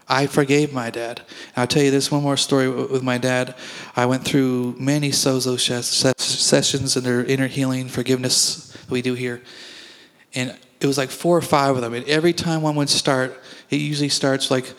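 Pastor with flat, echoing sermon voice. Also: male voice, medium pitch, brisk. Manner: conversational storytelling preaching, acts out dialogue.

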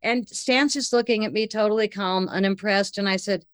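A woman telling a personal anecdote in conversation, lively and breathless, acting out the lines of the people in it. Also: medium pitch, normal speed, hardly any pauses, no echo. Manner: lively, breathless retelling with acted-out quotes.

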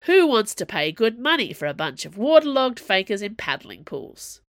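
A woman's voice: medium pitch, sing-song, moderate pace, no room sound, studio quality, voice pushed up. A woman voicing a sulky teenage girl from a traveling circus, whiny and complaining. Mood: grumbling.

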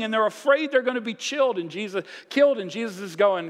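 A man preaching a sermon, telling the story in a lively, casual way and acting out voices. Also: sits high, quick pace, hardly any pauses. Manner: animated storytelling, acts out voices with casual asides. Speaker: pastor. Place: church sanctuary. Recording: long reverb of a church hall.

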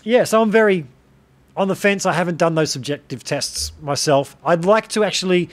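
A man who hosts a podcast and makes guitar demos, telling anecdotes in a relaxed, casual way. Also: high-pitched, moderate pace. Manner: relaxed storyteller, tells anecdotes. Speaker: podcast host and guitar demo maker.

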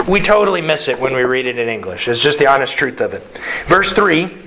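A man's voice: mid-range voice, sing-song, a little fast, noisy background. A man preaching a sermon in a conversational way, asking the congregation questions as he explains a passage. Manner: conversational, quizzes the audience.

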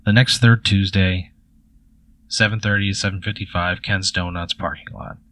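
Low-voiced man narrating a story game. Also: steady tone, normal speed, a bit bright. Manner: casual, hesitant, full of fillers. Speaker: game master.

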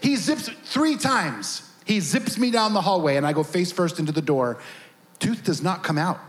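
Pastor, male, higher register, animated storyteller opening a sermon. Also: moderate pace. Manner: animated storytelling, acts out voices.

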